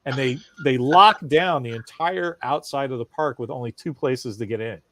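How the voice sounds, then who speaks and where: A man's voice: mid-range voice, normal speed, no echo. A middle-aged man co-hosting a casual chat podcast, telling stories with swearing and acted-out quotes. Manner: animated storyteller, swears, acts out quotes. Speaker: podcast co-host.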